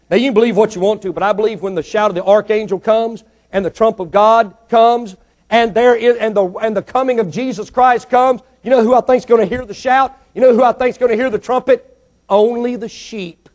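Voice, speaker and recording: A male preacher delivering a sermon, moving between quiet storytelling asides and loud, emphatic declarations. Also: fairly even intonation, brisk. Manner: swings from low asides to loud ringing declarations.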